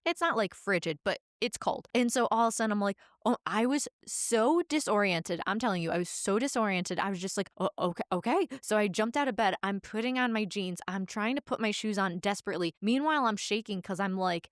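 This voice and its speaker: A woman's voice: mid-range voice, expressive, a little fast, few pauses, no echo, clean studio sound. A woman hosting a podcast, telling a story in a chatty, casual way with many filler words. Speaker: podcast host.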